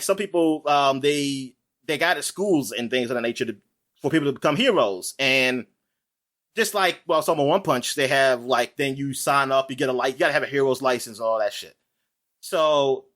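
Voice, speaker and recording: A man co-hosting a podcast, talking in casual chat that rambles, with quick asides and frequent laughs. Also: mid-range voice, a bit bright. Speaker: podcast co-host.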